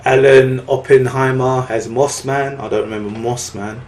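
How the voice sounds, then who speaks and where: A man's voice: mid-range voice, steady tone, normal speed, a little mellow, a little hiss or hum. A man hosting a casual podcast chat, laughing often and reading out a cast list with plenty of fillers. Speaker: podcast host.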